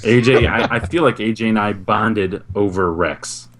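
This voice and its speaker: Lower-voiced man with teasing dry humor. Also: normal speed, noisy background. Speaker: podcast co-host. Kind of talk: casual chat.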